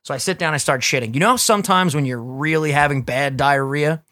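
A young man co-hosting a casual podcast, telling profane stories in an animated way and getting loud and laughing at the wild parts. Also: on the high side, fairly quick, no room sound, studio quality. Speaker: podcast co-host.

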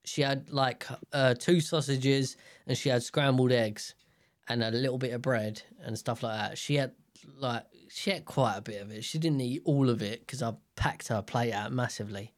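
A man's voice: medium pitch, moderate pace. A young man hosting a podcast in casual chat, rambling and joking with many fillers and restarts. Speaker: podcast host.

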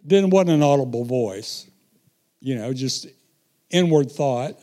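A middle-aged man preaching a sermon, telling stories and swinging from quiet asides to loud, emphatic bursts. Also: mid-range voice, lively intonation, unhurried.

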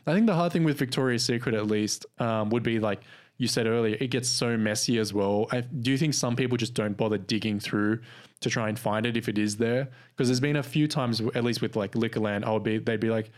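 A man with an Australian accent co-hosts a relaxed podcast chat. He tells stories from retail work, slipping into quick impressions of the customers and staff in them. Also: mid-range voice. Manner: relaxed storytelling, acts out quoted customers. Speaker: podcast co-host. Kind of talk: casual chat.

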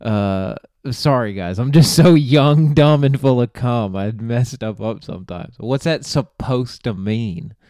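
Young man telling stories with a smooth voice. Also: low-pitched, a little mellow, no echo, studio quality. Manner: rambling storyteller, laughs at own jokes. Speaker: podcast host. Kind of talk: casual comedic monologue.

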